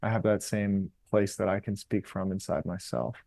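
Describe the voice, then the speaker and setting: A man as a podcast guest, calmly and reflectively explaining ideas in an interview. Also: lowish voice, vocal fry, no room sound. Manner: calm, explanatory, unhurried. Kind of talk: reflective interview talk on meditation.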